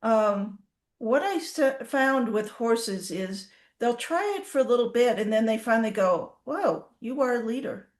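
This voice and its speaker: Animated woman horse trainer, echoey room. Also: fairly high pitch, measured pace. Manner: animated, acts out horses' reactions. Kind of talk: casual storytelling in an interview.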